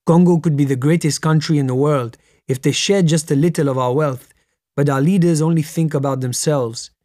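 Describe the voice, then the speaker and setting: A man's voice: on the high side, brisk, dark tone, dry recording, studio quality, lightly acted. A man voicing a bitter, volatile middle-aged taxi driver who speaks mournfully before erupting in anger.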